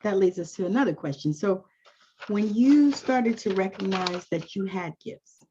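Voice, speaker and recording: A woman's voice: mid-range voice, animated, normal speed, mellow, slight background noise. A woman hosting an interview, reacting with exclamatory, affirming responses and asking follow-up questions. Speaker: podcast host. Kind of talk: casual interview. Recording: dull lo-fi sound.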